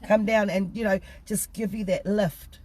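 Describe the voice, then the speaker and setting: A woman's voice: medium pitch, steady tone, normal speed. A woman from New Zealand with a New Zealand accent, a singer chatting casually as a guest and laughing often. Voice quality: laughs often, bubbly and warm-hearted. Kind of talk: casual interview chat.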